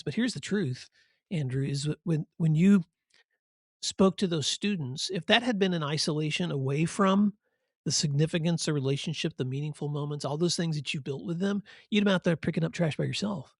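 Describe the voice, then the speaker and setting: Middle-aged male host; thoughtful, encouraging, slightly high, husky voice. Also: a little fast, no room sound, studio quality. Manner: thoughtful, encouraging, builds points in lists. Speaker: podcast host. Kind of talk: interview questions and reflection.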